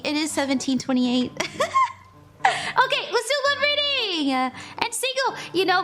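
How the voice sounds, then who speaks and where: A young woman doing a casual live-stream tarot reading, chatty and bubbly, laughing often and greeting viewers by name. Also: high-pitched.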